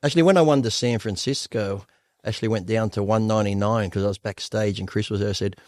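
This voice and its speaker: Guest: fast, low-voiced Australian man, blunt and profane, dry close mic. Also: darkish tone, no echo. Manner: blunt, profane, laughs often. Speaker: guest bodybuilder. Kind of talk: candid storytelling interview.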